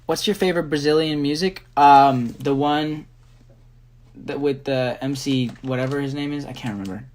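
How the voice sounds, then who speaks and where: A man's voice: mid-range voice, fairly even intonation, moderate pace, pauses often, a little mellow. A young man, a dancer, chatting casually on a phone livestream and rambling through fan questions with frequent ums.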